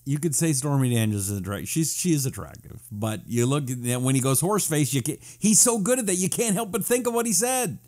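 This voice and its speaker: A man's voice: on the high side, brisk, hardly any pauses, darkish tone. Sarcastic man hosting a live stream. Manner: sarcastic, wisecracking, reads viewer comments aloud. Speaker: talk show host. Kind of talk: casual live-stream commentary.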